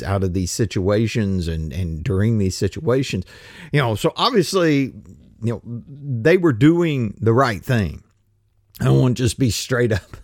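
Man, casual sermon delivery, rambling and sarcastic, very lively intonation. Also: medium pitch, no room sound, studio quality. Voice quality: rambling, stumbling restarts, sarcastic. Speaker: preacher.

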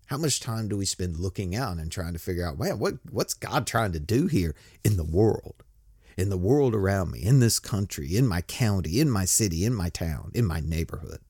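A man with a low voice that rises and falls a lot, preaching a relaxed, joking sermon. He talks conversationally, breaks off and restarts often, and his voice is recorded dry and close. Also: moderate pace, husky, dry recording. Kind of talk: casual sermon with bible reading.

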